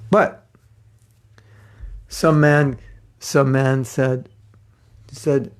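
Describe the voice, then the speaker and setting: A spiritual teacher leads a devotional class, telling stories and acting out the voices of the people in them. He speaks slowly with long pauses, in a steady, gravelly, medium-pitched voice.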